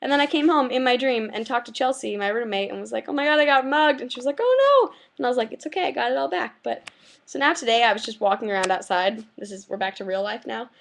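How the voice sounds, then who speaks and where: A young woman vlogging, retelling her dreams in a chatty, animated way, full of "like" fillers. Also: fairly high pitch, fast talker, gravelly. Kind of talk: casual vlog storytelling.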